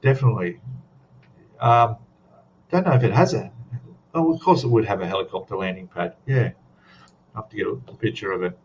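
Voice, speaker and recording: A man's voice: lowish voice, a little fast, long pauses, lo-fi sound, a little hiss or hum. An Australian man hosting a live stream, chatting casually and rambling to his audience, often ending remarks with "eh?". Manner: rambling, chatty, tags questions with "eh?".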